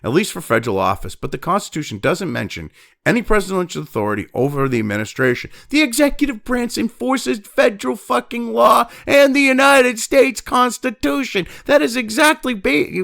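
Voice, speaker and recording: A man's voice: very high-pitched, vocal fry, fairly bright tone. A man hosting ranting news commentary, profane and exasperated, sighing heavily and breaking off from reading news to vent. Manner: reads news text quickly, then breaks off to vent.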